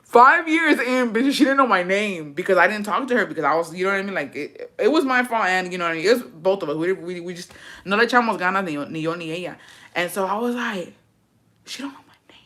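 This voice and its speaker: A woman's voice: on the low side, expressive, fast talker, a bit bright. A woman vlogger telling a storytime in a brash, profane, sassy way and calling viewers her besties. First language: English. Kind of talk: casual storytime chat.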